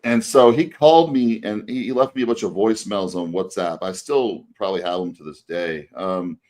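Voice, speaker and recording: A man with a low voice tells a story on a podcast, looping back through fillers and false starts. His delivery is loose and conversational, a co-host talking with a friend. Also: normal speed, darkish tone. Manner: rambling anecdote with many fillers and restarts. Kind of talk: casual storytelling chat.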